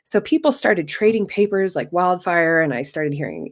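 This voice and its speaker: A woman's voice: fairly low pitch, expressive, normal speed. A woman in her thirties telling a true first-person story live, in a wry, self-mocking, conversational way.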